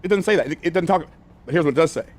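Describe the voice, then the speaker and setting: Fast-talking older male business coach. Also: a little high. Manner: energetic, conversational, repeats phrases for emphasis; casual, uses y'all and ain't. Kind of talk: teaching from a whiteboard.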